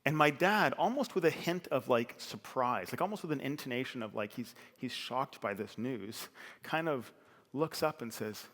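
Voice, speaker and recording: A man's voice: mid-range voice, expressive, moderate pace, a bit bright. Middle-aged guy telling a personal story on stage, earnest and chatty, big hall reverb. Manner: earnest, conversational, with fillers and restarts. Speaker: speaker at a talk.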